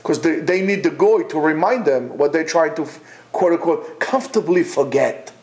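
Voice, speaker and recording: A man's voice: a little high, moderate pace, darkish tone. A man giving an informal Torah class, emphatic and rhetorical, who repeats his points and often restarts his sentences. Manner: talks directly to absent listeners. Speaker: Torah teacher.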